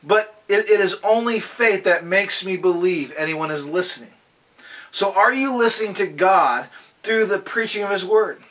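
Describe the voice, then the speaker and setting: A man with a high, bright and forceful voice gives a daily devotional, telling folksy anecdotes along the way. He sounds a little distant from the microphone. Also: expressive, moderate pace. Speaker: devotional speaker.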